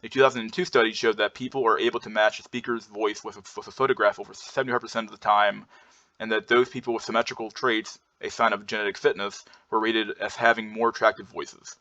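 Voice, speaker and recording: Fast, bright-toned man rambling through slides. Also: on the low side, level tone. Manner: rambling, filler-heavy, frequent restarts. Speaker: presenter going through slides. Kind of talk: casual lecture over slides. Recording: dull lo-fi sound.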